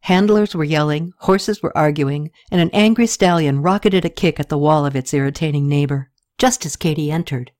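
A woman narrating an audiobook story in a steady scripted reading, lifting her pitch slightly for characters' lines. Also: normal speed, few pauses.

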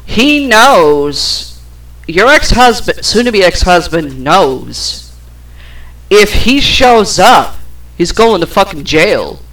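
A woman's voice: mid-range voice, sing-song, slow pace, a bit bright, poor audio. A woman vlogger telling a personal story, frustrated and profane, rambling with many fillers.

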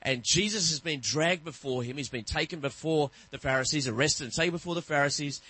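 Animated husky-voiced pastor. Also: male voice, a little high, brisk, dry recording, poor audio. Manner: animated, acts out voices in anecdotes. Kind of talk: sermon with storytelling.

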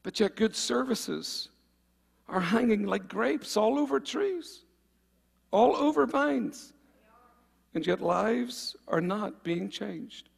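A man preaching a fervent sermon, calling on the congregation for amens and swinging between loud and quiet passages. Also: high-pitched, expressive, takes it slowly, creaky, husky, long reverb tail.

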